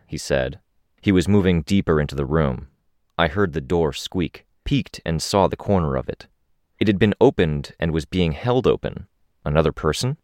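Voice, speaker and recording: A man narrating a fan audiobook in the first person, steady and descriptive. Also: extremely low pitch, normal speed, no room sound, studio quality.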